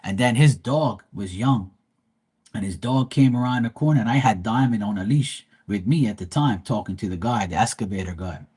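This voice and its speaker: A man's voice: lowish voice, normal speed, a little mellow, slightly rough. A man from Bermuda, retelling a neighbor quarrel in a profane, heated way on a casual livestream. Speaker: live tarot reader.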